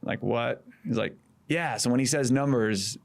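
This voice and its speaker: A man in his thirties, a former campaign manager, telling animated stories in casual podcast chat, acting out quotes and swearing freely. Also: mid-range voice, normal speed, vocal fry.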